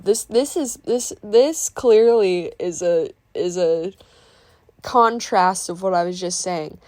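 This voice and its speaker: A woman's voice: fairly low pitch, darkish tone, no room sound. Rambling, chatty young woman voiceover. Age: 20s. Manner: rambling and self-interrupting, loses her train of thought; openly emotional and sentimental. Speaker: art vlogger narrating a painting video. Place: voice-over recorded apart from the painting footage.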